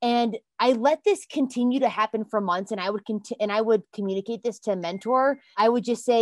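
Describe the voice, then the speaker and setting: A woman's voice: a little high, brisk, few pauses, no room sound, clean studio sound. Earnest woman giving a motivational talk. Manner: earnest, emphatic, addresses listeners as "you guys"; bursts into excited exclamations. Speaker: self-help podcast host.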